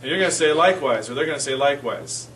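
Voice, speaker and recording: A man teaches an informal church Spanish class, recorded on a distant mic with faint room noise. His voice is on the high side, animated and a bit bright, and he talks very fast. He's casual, corrects himself, and repeats phrases for the class.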